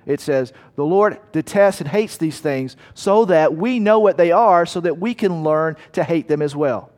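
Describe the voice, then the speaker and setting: A man's voice: fairly high pitch, normal speed, hardly any pauses, darkish tone, long reverb tail. A man preaching a sermon in a conversational way, asking his listeners rhetorical questions. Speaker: pastor.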